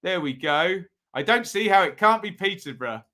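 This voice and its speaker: A man's voice: high-pitched, animated, moderate pace, sharp tone. Chatty man hosting a football stream. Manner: chatty, reading out viewer votes, frequent ums. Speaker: football review host. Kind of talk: casual live-stream commentary.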